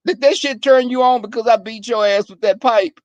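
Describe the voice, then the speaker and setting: A man hosting a live stream, casually telling stories to his chat in a profane, animated way, often breaking into laughter. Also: extremely high pitch, a little fast, no room sound.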